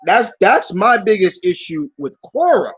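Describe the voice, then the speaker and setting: A man hosting a casual live Q&A stream, answering viewer questions in an animated, swearing, ranting way. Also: sits high, unhurried, slightly rough, no room sound, poor audio. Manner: animated, swearing, rants with voiced asides.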